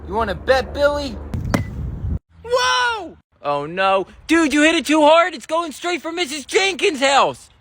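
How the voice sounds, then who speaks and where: A sketch comedian playing every role in a family comedy sketch, switching between put-on voices and often shouting. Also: sits high, sing-song, measured pace, background noise. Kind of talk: one-man comedy sketch with many voices.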